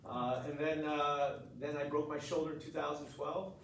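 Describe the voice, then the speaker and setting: A man's voice: a little high, flat delivery, moderate pace, fairly bright tone. A middle-aged man, a chiropractor telling his story bluntly and with animation to a group. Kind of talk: testimonial talk to a group. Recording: echoey room, mic far off, noisy.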